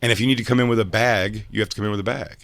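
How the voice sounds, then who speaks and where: A middle-aged man co-hosting a podcast, chatting casually with a wry, teasing manner and quick jokes. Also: on the low side, fairly even intonation, creaky, a bit bright. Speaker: podcast co-host. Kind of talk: casual chat.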